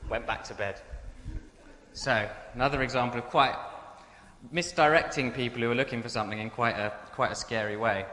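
A man's voice: mid-range voice, steady tone, fairly quick, bright, forceful tone. Man telling funny stories in a hall. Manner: chatty, self-mocking, breaks into laughter. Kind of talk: humorous anecdote told to an audience. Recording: echoey hall with long reverb.

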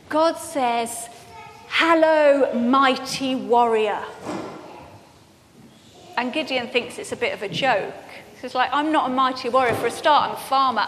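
A woman giving an earnest, personal sermon to a congregation, sometimes projecting and sometimes speaking softly. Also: high voice. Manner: earnest, personal, shifts between projected and soft-spoken. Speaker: preacher. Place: church hall. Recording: hall reverb, faint background noise.

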